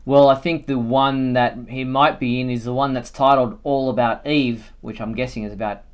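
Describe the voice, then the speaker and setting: A man's voice: mid-range voice, steady tone, moderate pace, clear, resonant tone. A man hosting a live fan show, chatting casually and thinking aloud with plenty of fillers. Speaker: host.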